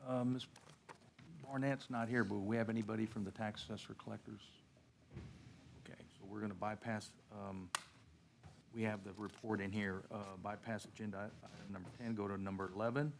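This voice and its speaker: Brief: male chair, gravelly low voice, slight noise on the mic. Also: steady tone, fairly quick. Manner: informal, moves the agenda along with fillers. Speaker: meeting chair. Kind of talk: chairing a county meeting.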